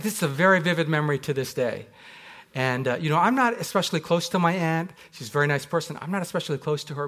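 A Canadian man gives a sermon as a pastor, weaving in stories from his own life. His voice sits a little high for a man, and he speaks reflectively, drawing out the words that matter most. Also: fairly bright tone. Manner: reflective, slows down on key words. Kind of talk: sermon with personal storytelling.

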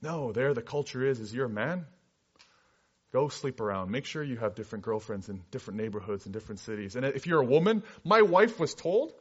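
A man who works as a missionary, telling his story in a sermon with earnest storytelling that moves between animated and hushed passages. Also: mid-range voice, fairly quick, breathy edge. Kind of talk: sermon testimony. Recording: dull lo-fi recording.

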